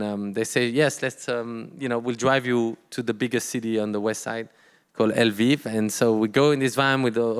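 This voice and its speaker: A man, a guest artist telling a story on stage, halting often and acting out quoted dialogue. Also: medium pitch, fairly bright tone, clean tone, in a large hall. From France. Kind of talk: storytelling in a live talk.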